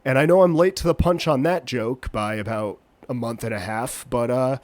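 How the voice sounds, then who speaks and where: Recovering from a cold, a man hosts his solo podcast in a congested, nasal voice that's mid-range and a little mellow, at normal speed. There's no room sound, and he rambles, jokes, and pokes fun at himself.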